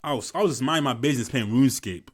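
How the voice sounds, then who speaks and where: Speaking fast in a husky, medium-pitched voice, a young man comments on a film and drifts into a casual story about school. His talk is full of profanity and repetition, typical of a movie reaction commentator.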